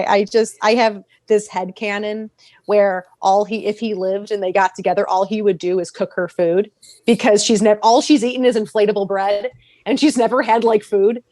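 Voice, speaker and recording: A woman talking casually on a podcast, animated, often laughing and acting out characters' lines with sudden jumps in pitch. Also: dry recording. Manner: animated, acts out characters' lines mid-sentence; frequent laughter and restarts. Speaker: podcast guest.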